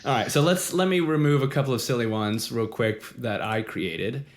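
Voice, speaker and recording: A man's voice: mid-range voice, normal speed. A man co-hosting a casual chat, rambling and laughing as he talks, with frequent restarts. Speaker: podcast co-host.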